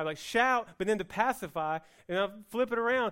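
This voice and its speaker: A man preaching a sermon on Hebrew words for worship, mixing joking asides with loud, emphatic passages. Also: high voice, lively intonation, fairly quick, few pauses, clear, resonant tone. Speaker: pastor.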